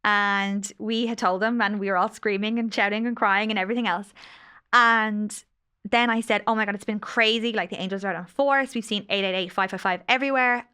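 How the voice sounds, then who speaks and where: A woman's voice: mid-range voice, steady tone, fairly quick, sharp tone, clear, resonant tone. A woman in her late thirties, a podcast guest and angel healer, telling stories in an effusive, emotional way. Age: late 30s. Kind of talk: casual podcast conversation.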